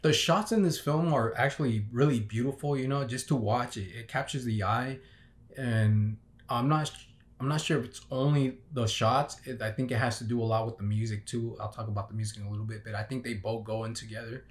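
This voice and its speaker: A man's voice: mid-range voice, a little fast. A young man giving a casual, unscripted movie review, rambling with many fillers and restarts. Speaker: film reviewer.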